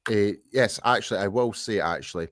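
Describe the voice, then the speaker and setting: A man from the UK with a low voice chats through a sports podcast, looping back and restarting his sentences as he goes. The recording sounds dry and close. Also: fairly quick, no echo. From United Kingdom. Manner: rambling, many restarts and fillers. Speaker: podcast co-host. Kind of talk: casual sports podcast chat.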